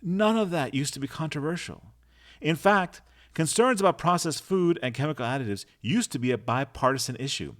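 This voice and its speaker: A man's voice: fairly high pitch, expressive, brisk. A man delivering a political commentary monologue in an emphatic, rhetorical way, punching out lists of points.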